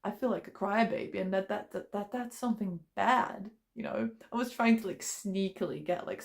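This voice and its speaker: Young woman vlogger, mid pitch, candid and chatty, filler-heavy delivery. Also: normal speed, vocal fry, few pauses. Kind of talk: casual personal talk to camera.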